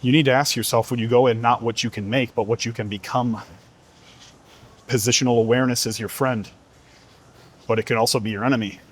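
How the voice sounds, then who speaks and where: A man's voice: medium pitch, fairly even intonation, a little fast, pauses often. A man who is a fitness coach giving an earnest, emphatic motivational talk, repeating rhetorical questions to the listener.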